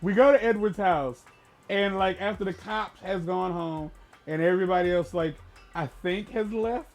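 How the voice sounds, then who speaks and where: A man co-hosting a gaming podcast, casually and profanely retelling a film, with bursts of loud emphasis. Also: sits high, moderate pace, soft background music.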